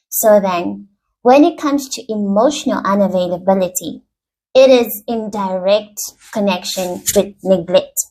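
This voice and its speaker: A woman's voice: medium pitch, a little mellow, rough recording. A woman speaking earnestly to camera about relationships, explaining her points through examples. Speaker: relationship and self-help speaker. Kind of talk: self-help teaching to camera.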